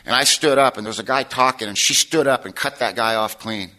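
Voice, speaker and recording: A man sharing his life story at a recovery meeting, a streetwise, slangy storyteller with rough, self-mocking humor. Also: mid-range voice, fairly quick, pushed and bright. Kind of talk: personal testimony to an audience.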